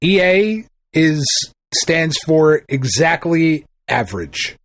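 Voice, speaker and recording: A man's voice: a little high, sing-song, slow, fairly bright tone, no echo. A man co-hosting a podcast in laid-back casual chat. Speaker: podcast co-host.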